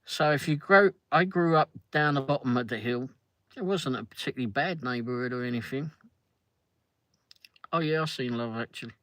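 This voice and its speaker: A man's voice: medium pitch, moderate pace, fairly bright tone, no echo. A middle-aged man from London with a London English accent, rambling and joking as he chats with viewers on a livestream. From London, England. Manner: chatty, rambling, jokey, answers chat comments. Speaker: livestream host. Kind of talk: casual livestream chat.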